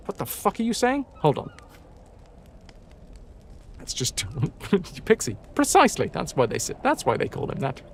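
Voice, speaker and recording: A man's voice: sits high, huge pitch swings, moderate pace, vocal fry, long pauses, a little hiss or hum. Man reading old stories aloud on a stream. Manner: stumbling over words, breaks off for joking asides; casual, swears now and then.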